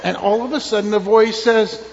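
A man's voice: sits high, steady tone, a little fast, noisy background. A man, a pastor, giving a children's sermon in a church, telling a story with questions to the kids. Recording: dull with long church reverb.

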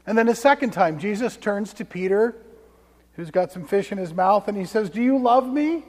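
Male pastor, high voice, conversational sermon with hushed asides, echoing sanctuary. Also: normal speed. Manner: conversational storytelling, dropping to hushed tones for emphasis. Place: church sanctuary. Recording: long church reverb.

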